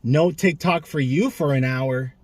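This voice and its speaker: A man voicing a soft, lenient parent scolding a child. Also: a little high, unhurried, dry recording. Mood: mild scolding.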